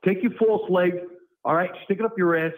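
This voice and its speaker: Angry caller from New York, high male voice, profane and stammering. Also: a little fast, narrow, tinny audio. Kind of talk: profane insult exchange.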